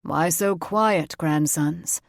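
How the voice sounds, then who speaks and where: A man's voice: fairly high pitch, very slow, vocal fry, dry recording, studio quality, exaggerated voice. A solemn old pipe-smoking grandfather. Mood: gentle.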